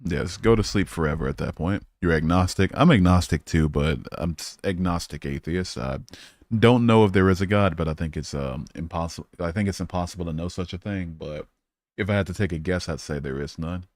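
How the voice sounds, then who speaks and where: Male streamer, deep voice, dry close-mic sound, casual and profane chat. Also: fairly quick, darkish tone, no room sound. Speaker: livestream host.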